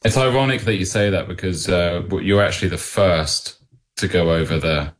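Low-voiced english guy, band member on radio, jokey and rambly. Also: normal speed. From England. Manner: dry, joking, rambling. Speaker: musician guest. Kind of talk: casual interview chat.

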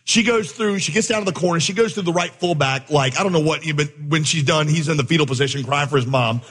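Preacher, male, somewhat high and husky, animated storyteller, big hall reverb. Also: quick pace. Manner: animated storyteller, acts out dialogue. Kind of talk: sermon with storytelling.

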